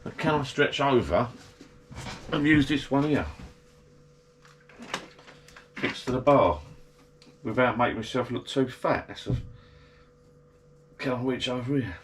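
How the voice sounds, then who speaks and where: A man's voice: medium pitch, unhurried, long pauses, a little hiss or hum. A man chatting casually to an action camera in his garden shed bar, rambling and grumbling. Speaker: vlogger.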